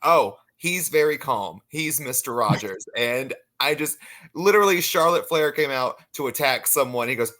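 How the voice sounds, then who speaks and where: A man's voice: medium pitch, lively intonation, moderate pace, pushed and bright. A young man co-hosting a casual wrestling podcast, playful and laughing often. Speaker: podcast co-host. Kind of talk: casual chat.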